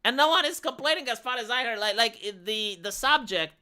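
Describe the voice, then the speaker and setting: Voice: mid-range voice, lively intonation, fairly quick, sharp tone, smooth. A live streamer from Romania with a Romanian accent, ranting bluntly and with a lot of swearing in a casual livestream chat.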